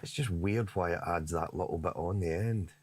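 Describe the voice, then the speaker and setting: A man co-hosting a live music stream, talking in a low-key way and muttering about the software with casual swearing. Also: normal speed, slight background noise. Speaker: musician co-host. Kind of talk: casual chat while producing music.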